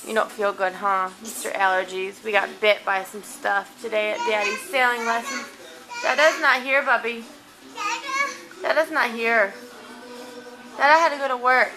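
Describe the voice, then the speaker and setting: A woman filming her toddler at home on a handheld camcorder, coaxing him in slow, sing-song baby talk. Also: a little high, noisy background. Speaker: mother talking to her toddler. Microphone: handheld camcorder mic.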